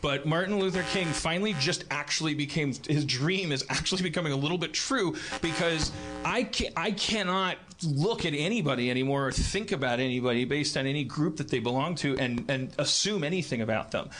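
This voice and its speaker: A man in his forties hosting a live comedy podcast, rambling through a monologue with frequent restarts and shrill mocking impressions. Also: fairly quick, music in the background. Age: 40s. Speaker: podcast host. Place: live venue stage.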